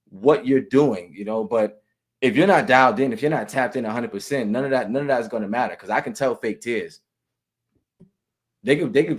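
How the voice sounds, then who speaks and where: A man, an actor, talking casually in an interview, with relaxed, halting speech full of restarts and easy laughter. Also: mid-range voice. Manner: relaxed, many restarts and repeated words, laughs often. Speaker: actor and guest.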